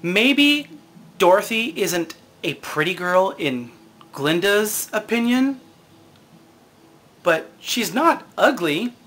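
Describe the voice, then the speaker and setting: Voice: medium pitch, a bit bright. A vlog host delivering a sarcastic, profane comedic rant to camera and laughing often.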